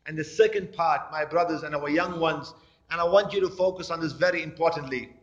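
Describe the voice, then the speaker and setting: Man, fairly high voice, preaching sermon, animated storytelling, slightly dull lo-fi sound. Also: brisk. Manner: animated storytelling, acting out quoted people. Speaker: imam.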